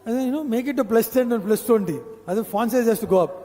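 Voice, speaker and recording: Male corporate trainer, Indian English, high mellow voice, lecture hall echo, quizzes the room. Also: quick pace. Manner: conversational, repeats points, quizzes audience with "huh?". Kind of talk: live training session. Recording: long hall reverb.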